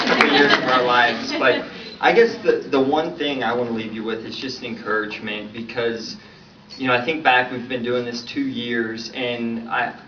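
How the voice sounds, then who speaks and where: A man giving a relaxed, wry testimony on a stage at a business event. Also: mid-range voice, highs cut off. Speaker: speaker on stage. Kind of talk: personal testimony speech. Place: large event hall on stage. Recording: roomy distant hall audio with noise.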